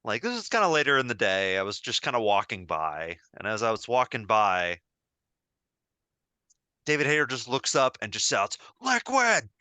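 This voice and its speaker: An excited man shares stories on a podcast with lots of "um" and "like." His voice is bright and clear, and his pitch jumps around a lot. It sounds close and dry. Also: moderate pace, no room sound. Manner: enthusiastic, rambling storyteller with many fillers. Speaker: podcast co-host. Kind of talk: casual podcast chat.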